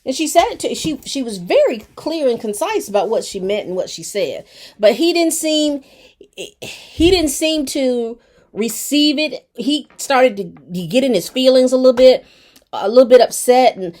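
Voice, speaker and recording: Female TV reviewer, a bit high-pitched, colloquial and chatty, casual episode recap. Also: sing-song, moderate pace, darkish tone. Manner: chatty and colloquial, addressing viewers directly. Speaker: TV show reviewer.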